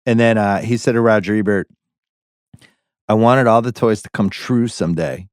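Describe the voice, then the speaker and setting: A middle-aged American man hosting a podcast in casual chat, relaxed and wry as he steers the talk. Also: on the low side, normal speed, dry recording, clean studio sound. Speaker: podcast host.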